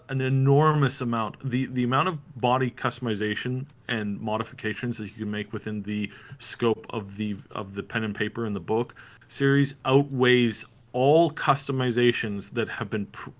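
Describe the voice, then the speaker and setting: A man's voice: medium pitch, a bit bright. A man co-hosting a gaming podcast, ranting sarcastically and sounding exasperated in casual chat. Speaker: podcast co-host.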